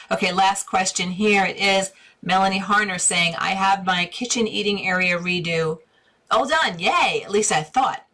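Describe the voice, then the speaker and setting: A middle-aged woman runs a casual live stream, reading out viewer questions and answering them. Her voice sits low for a woman but rings bright and forceful. She talks in a chatty, encouraging way with sudden bursts of excitement. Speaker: interior design coach hosting a live Q&A.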